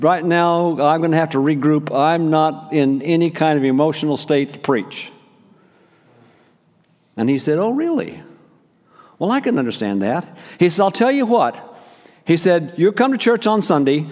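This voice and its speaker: A pastor telling a personal story in a sermon, acting out each quoted exchange. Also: male voice, on the high side. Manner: animated storyteller, acts out quoted dialogue. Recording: long reverb of a large hall.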